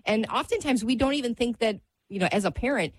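A woman's voice: on the high side, expressive, fast talker, slight background noise. A woman hosting a faith-based radio talk show. She talks in a chatty, self-deprecating way and laughs easily.

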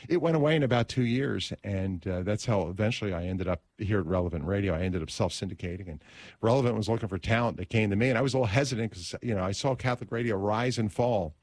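A middle-aged man with a fairly low speaking voice tells a personal story in an interview. He is an animated storyteller who acts out the scenes and often stumbles and restarts his phrases. The sound is close and dry. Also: quick pace, no room sound. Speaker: talk radio host.

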